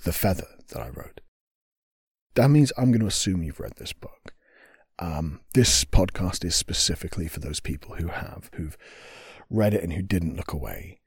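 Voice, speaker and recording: A man hosts his podcast in an earnest, reflective monologue, sometimes sinking to a whisper. His voice is very low and husky. The sound is close and dry. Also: no echo. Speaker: podcast host and author.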